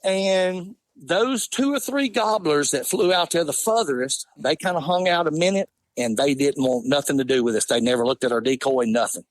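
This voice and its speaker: A man, telling an animated, laughing hunting story in casual talk. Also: fairly high pitch, normal speed, hardly any pauses, dry recording. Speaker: podcast guest.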